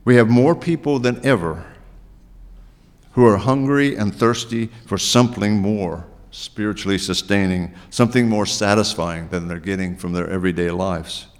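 Speaking at normal speed, this pastor gives his sermon in an easygoing, conversational manner full of rhetorical questions. His lowish voice carries a long reverb, suggesting a large church.

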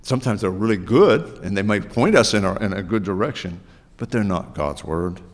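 A male pastor delivering a sermon in an easy, conversational way, tossing out rhetorical questions. His voice sits on the low side, and a long reverb trails behind it as if he is in a large church. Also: expressive, normal speed.

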